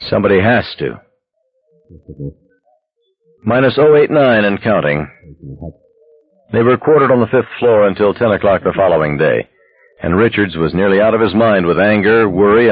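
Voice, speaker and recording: A man narrating a novel as an audiobook in a steady, measured way. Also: fairly low pitch, no echo. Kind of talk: scripted narration. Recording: dull lo-fi dry recording.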